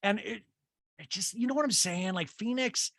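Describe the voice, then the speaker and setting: A man's voice: sits high, brisk, a bit bright, no room sound. A man hosting a comedy podcast, recapping a reality show in a rambling, profane, joking way. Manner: rambling, profane, jokey asides and impressions. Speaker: podcast host.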